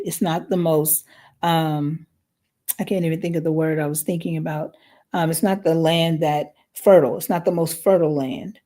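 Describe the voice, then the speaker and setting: A woman's voice: deep voice, warm tone. A woman hosting a live parenting podcast from the United States, talking conversationally and often checking in with "right?". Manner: conversational, frequent "right?" tag questions.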